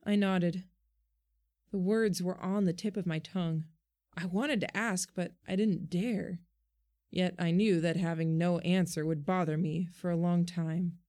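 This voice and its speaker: A woman reading first-person fiction aloud in a calm, measured way. Her voice is fairly low for a woman. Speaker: audiobook narrator.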